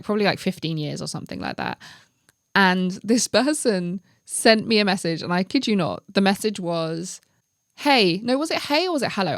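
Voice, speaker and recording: A woman with a somewhat low voice hosts her own podcast. She tells stories in an animated, chatty way and drops in joking asides. Her sound is close and dry, with no room around it. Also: no room sound. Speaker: podcast host. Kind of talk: casual solo podcast talk.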